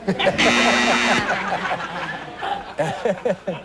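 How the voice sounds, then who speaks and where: A man's voice: sits high, very slow, sharp tone, soft background music. A middle-aged man hosting a game show, breezy and jovial, joking with the panel.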